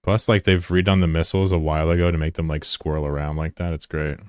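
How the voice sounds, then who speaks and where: A man's voice: extremely low pitch, little pitch movement, fast, clean tone, dry recording, studio quality. A man in his thirties casually commentating his live gameplay, loose and profane, giggling and bantering with chat. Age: 30s. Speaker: streamer.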